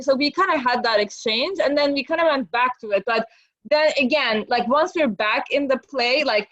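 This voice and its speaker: A mother talks through a frustrating moment with her young son, rambling and circling back with many fillers. Her voice sits a little high. The sound is muffled and completely dry, like a remote call. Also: normal speed, a bit bright, no room sound. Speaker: parent. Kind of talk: casual chat.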